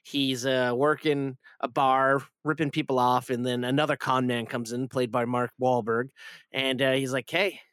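A man's voice: mid-range voice, level tone, normal speed, a bit bright, clean tone, no echo, studio quality. A man hosting a casual film review podcast, rambling with lots of fillers and restarts.

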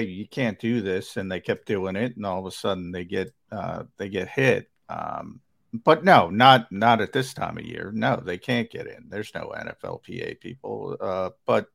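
A man's voice: lowish voice, animated, moderate pace, creaky, a bit bright. A man co-hosting a casual sports talk show, rambling and emphatic with lots of fillers.

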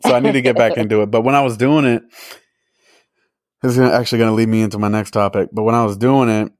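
Young male podcast co-host, relaxed rambling chatter, low pitch, dry booth sound. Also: fast talker, dry recording. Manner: rambling, many "like" fillers, laughs easily. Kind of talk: casual chat.

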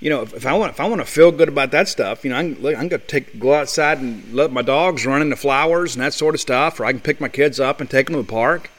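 A man's voice: medium pitch, fast, few pauses, fairly bright tone. A man hosting a sports talk show, delivering a blunt, fired-up monologue full of rhetorical questions.

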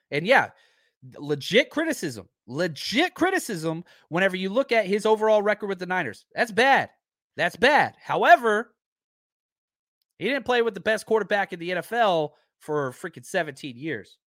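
A man's voice: on the high side, a bit bright, no room sound, studio quality. A man hosting a football live stream in a casual, chatty way, full of fillers and restarts as he runs through stats.

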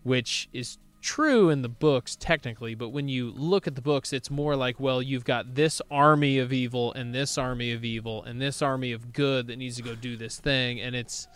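A man's voice: mid-range voice, normal speed, few pauses, fairly bright tone, clean tone. A man co-hosting a casual book club chat, thoughtful and musing. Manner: thoughtful, musing, many restarts.

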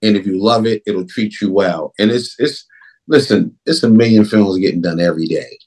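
A man with a somewhat low voice talks shop as a film director in a relaxed interview. He is emphatic and animated, and his delivery swings up as he tells stories. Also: normal speed. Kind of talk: casual interview talk.

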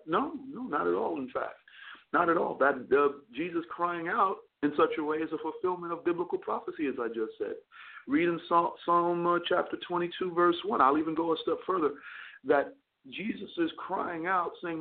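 Gravelly man preaching over a phone line. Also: fairly high pitch, normal speed. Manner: earnest preaching with frequent stammered repeats. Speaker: chaplain and talk radio host. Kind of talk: preaching a sermon on a call-in radio show. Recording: narrow phone-line broadcast sound.

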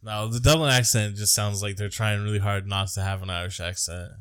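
A man's voice: fairly low pitch, fairly even intonation, a little fast, fairly bright tone, clear, resonant tone, no echo. An American man co-hosting a podcast, chatting casually about a movie in a joking, profane, rambling way. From United States. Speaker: podcast co-host.

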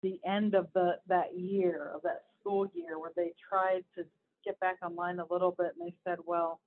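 A woman's voice: on the low side, little pitch movement, normal speed. A woman hosting a casual news commentary on education, talking in a chatty, rambling way with asides and restarts. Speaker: host. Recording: tinny phone-like audio.

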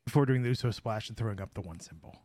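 A man's voice: on the low side, very fast, a little mellow, dry recording. A man hosting a casual podcast, telling stories with a wry, dry manner. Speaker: podcast host.

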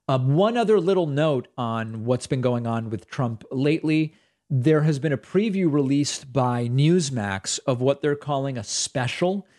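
Guy hosting a politics show, mid pitch, casual and snarky, rambling asides. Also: expressive, unhurried, darkish tone. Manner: sarcastic, conversational, with fillers and asides. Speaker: political talk show host. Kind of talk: opinionated political commentary.

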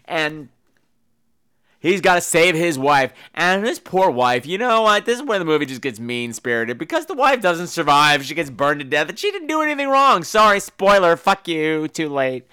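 A man with a high, bright, crisp voice who tears into films on his podcast. He rants with sarcasm and heavy swearing, swinging his pitch all over the place as he mocks the actors. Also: very animated, normal speed. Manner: sarcastic, swears freely, mimics people. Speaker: podcast host reviewing films. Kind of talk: profane comedic rant.

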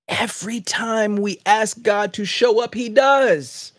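A man hosting a faith podcast, preaching in an emphatic, animated, conversational way. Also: high voice, slow, no echo, clean studio sound. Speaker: podcast host.

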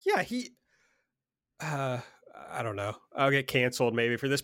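A man's voice: mid-range voice, very animated, a little slow, fairly bright tone, no echo, studio quality. A man co-hosting a casual wrestling podcast, talking heatedly and swearing freely. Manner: profane, heated, fired up. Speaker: podcast co-host. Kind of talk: casual wrestling recap chat.

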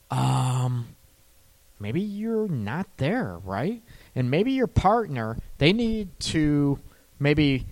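A middle-aged man hosts a call-in relationship advice show, speaking in an unhurried way with a lively, rising-and-falling voice. He slips into quick impressions of bickering partners and laughs between points. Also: fairly high pitch. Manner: animated, acts out couples in quick asides, laughs between points. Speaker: counselor and radio show host. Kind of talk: call-in radio advice talk.

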